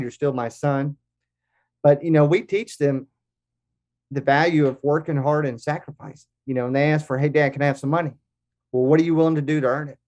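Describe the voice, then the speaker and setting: An American man in his forties, a podcast guest telling lively anecdotes. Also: fairly high pitch. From United States. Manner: lively anecdotes with acted-out quotes. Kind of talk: casual storytelling.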